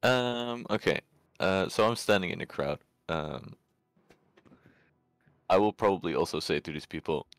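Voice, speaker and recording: Chill low-voiced guy playing the game, dry sound, bit of music. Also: lively intonation, a little slow, long pauses, clean tone, no echo. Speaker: player. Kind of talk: casual tabletop game chat.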